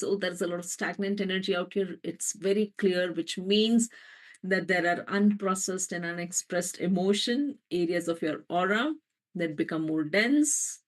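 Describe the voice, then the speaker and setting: A woman, an energy healer, leading a live guided healing meditation, speaking slowly and gently through spoken affirmations. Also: on the low side. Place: live online session.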